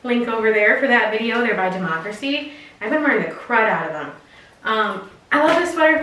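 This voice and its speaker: A woman's voice: a little high, lively intonation, brisk, fairly bright tone. A young woman chatting casually as she unboxes clothes for her vlog, bubbly and prone to tangents. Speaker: fashion vlogger. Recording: echoey room.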